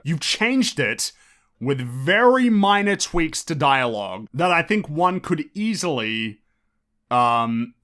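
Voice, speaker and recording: A man's voice: medium pitch, sharp tone. A man hosting his own show, talking through a casual commentary monologue with lots of restarts and offhand swearing. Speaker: podcast host.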